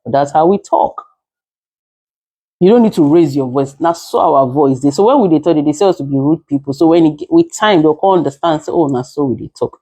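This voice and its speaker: A woman's voice: sits low, fairly quick, warm tone, slightly rough, dry recording. A woman with a Nigerian accent, a content creator and caregiver, giving emphatic, lecturing advice to camera and slipping into Nigerian Pidgin. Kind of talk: casual advice talk to camera.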